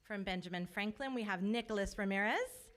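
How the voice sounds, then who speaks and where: A woman's voice: medium pitch, fairly quick, background noise. A woman calling up students at a school board award ceremony, friendly and careful to say each name right. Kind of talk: reading names at a ceremony. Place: school board meeting room.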